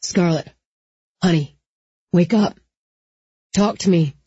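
A woman's voice: fairly low pitch, slow pace, mellow, slightly rough, no room sound, dull audio, exaggerated voice. A woman voicing a male cop under pressure, talking urgently in short clipped phrases, raising his voice over noise.

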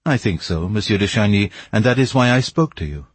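Guy doing a low, slow, secretive persian man, husky storybook voice. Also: expressive, dry recording. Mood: grave. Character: grave, secretive older male Persian.

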